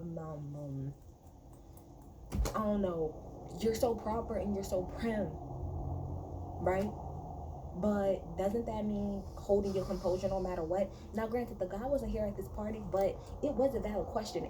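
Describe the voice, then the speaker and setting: Against a noisy background, a reality TV reviewer with a mid-range voice swears her way through a casual episode recap. She talks in a chatty, unpolished way, full of fillers and restarts.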